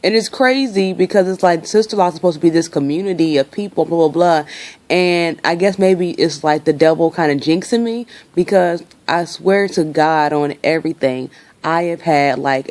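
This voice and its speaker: A woman's voice: low-pitched, normal speed, a little mellow. A young woman venting her frustration in a casual vlog, talking freely and swearing. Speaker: vlogger.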